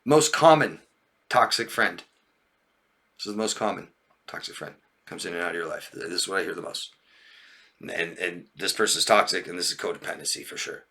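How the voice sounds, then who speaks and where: A man talks casually as a relationship coach, his voice bright and keen. He keeps checking in with listeners with a "yeah?" or "right?", laughs often, and slips into raised, mocking voices to act out friends. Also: low-pitched, moderate pace, gravelly. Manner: occasional swearing. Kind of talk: casual talk to viewers.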